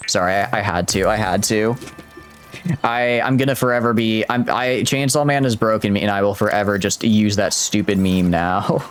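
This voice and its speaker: A man's voice: fairly low pitch, fairly even intonation, moderate pace, slight background noise. A man chatting casually while streaming a game, rambling and cutting himself off mid-thought. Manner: chatty, rambling, self-interrupting. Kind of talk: casual gameplay commentary.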